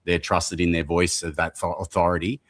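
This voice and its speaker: A man's voice: low voice, level tone, fairly quick. A man hosting an interview, asking questions in a reflective, conversational way. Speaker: host.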